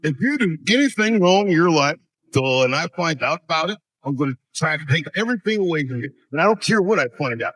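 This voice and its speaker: A comedian doing a dim, grunting bully with a slow, dopey drawl, muttering threats between "duh"s. The voice is dry, close and pitched a bit high for a man. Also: animated, a bit bright, no room sound, low-quality recording. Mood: menacing, dopey.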